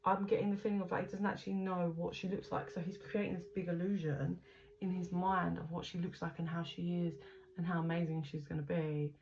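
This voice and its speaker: A woman's voice: on the low side, flat delivery, a little fast, darkish tone. A woman giving a casual tarot reading, chatty and rambling, swearing casually as she tells what she sees. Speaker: tarot reader. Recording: dull lo-fi recording with faint background noise.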